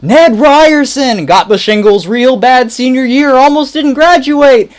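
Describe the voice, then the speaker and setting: A man doing a shouted impression of a pushy, overeager salesman, drawing the words out in a high voice. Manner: shouting, drawn-out, high-pitched. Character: pushy overeager male salesman, loud and brash.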